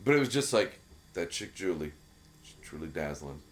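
Speaking at an ordinary pace in a low, sing-song voice, a male podcast co-host chats casually. He rambles, swears, sounds enthusiastic, and leans heavily on fillers.

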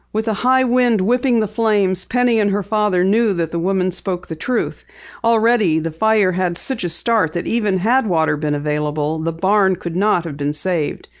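A reader giving steady, measured narration of a mystery novel. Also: medium pitch. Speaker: audiobook narrator. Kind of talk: scripted narration. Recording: dull lo-fi recording.

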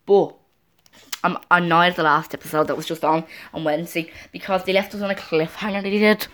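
A young woman talks at home in a loose, rambling chat, breaking off and restarting her sentences as she goes. Her voice sits a little low for a woman, and she keeps it easygoing and conversational. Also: steady tone, fairly quick, a bit bright. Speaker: vlogger. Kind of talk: casual chat to camera.

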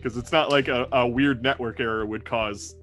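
Halting male game master. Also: medium pitch, steady tone, a bit bright, faint music behind. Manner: halting, full of fillers and restarts. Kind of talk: narrating a tabletop role-playing game.

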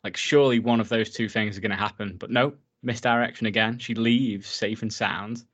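A man's voice: on the low side, fairly even intonation, normal speed, fairly bright tone, dull audio. A man casually recapping a horror film for his co-host, enthusiastic and swearing freely. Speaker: podcast co-host.

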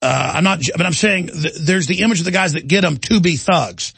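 Gravelly, ranting man. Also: a little high, brisk, a bit bright, no room sound. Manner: indignant, ranting storyteller. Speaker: talk radio host. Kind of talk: talk radio monologue.

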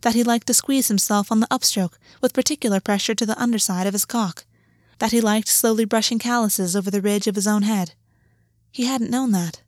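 A woman reads a story aloud in a steady, measured voice. Her pitch sits in a middle register. The recording is dry and close, with no room echo. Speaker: audiobook narrator. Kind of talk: scripted story narration.

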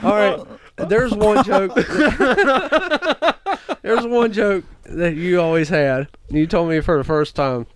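A man co-hosting a podcast in casual chat, making slow, drawn-out remarks. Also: sits high, expressive, crowd noise. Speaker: podcast co-host.

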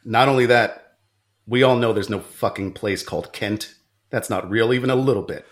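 A man's voice: on the low side, normal speed, pitched below the performer's own voice, close to an everyday voice. A man playing a brusque male agency boss who recruits a new agent, in an improvised comedy skit. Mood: bossy. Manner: bossy, teasing, playful.

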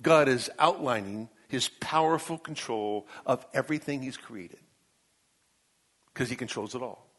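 A male pastor preaching a sermon, reading scripture aloud and addressing Job directly, swinging from booming to hushed. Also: a little slow.

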